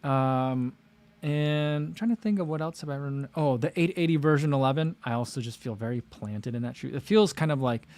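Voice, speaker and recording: A man of medium pitch chats loosely on a livestream. He rambles and restarts his sentences, filling the gaps with "like" and "um" as he reads out viewer comments. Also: moderate pace, darkish tone. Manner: rambling, many fillers and restarts. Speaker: livestream host. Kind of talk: casual livestream chat.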